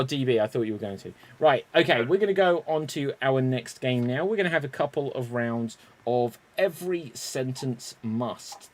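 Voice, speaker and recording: A man hosting an online improv game over a video call, unhurried and chuckling as he calls on players by name. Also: mid-range voice. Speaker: improv show host.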